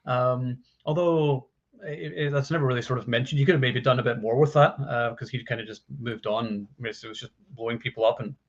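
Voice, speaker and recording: A man's voice: mid-range voice, a little fast. Chatty man on dull lo-fi audio. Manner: animated storyteller, hedging fillers like "uh" and "like". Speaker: podcast co-host. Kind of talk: casual film discussion.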